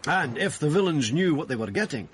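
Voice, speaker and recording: An actor playing a fussy, flustered wine merchant in a period crime drama. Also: male voice, fairly high pitch, animated, brisk, a little hiss or hum, close to an everyday voice. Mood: genial. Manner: fussy, flustered, nervous laughs. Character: fussy, genial older male wine merchant.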